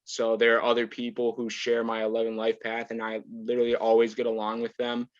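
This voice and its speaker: A man's voice: medium pitch, monotone, a little fast, no room sound, highs cut off. A man in his twenties, a podcast guest, chatting casually in a laid-back, rambling way and laughing often. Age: 20s. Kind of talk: casual chat.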